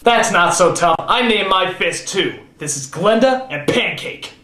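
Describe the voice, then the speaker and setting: A man's voice: sits high, animated, a little slow, bright, forceful tone, reverberant, a little hiss or hum. A man giving sarcastic comedic review narration, with exaggerated outbursts.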